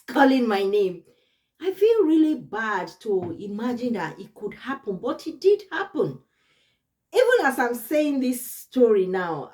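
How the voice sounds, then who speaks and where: A woman's voice: a little high, darkish tone. A young adult woman vlogger telling a personal story to her viewers in a casual way, laughing often and repeating words for emphasis. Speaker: YouTube vlogger.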